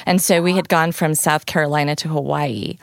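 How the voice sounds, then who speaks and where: A woman co-host with a low voice, talking casually and joking with her guest. The studio sound is dry and close. Her talk is chatty and relaxed. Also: a little fast, creaky, dry recording. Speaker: podcast co-host. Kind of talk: casual chat. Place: recording studio. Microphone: studio microphone.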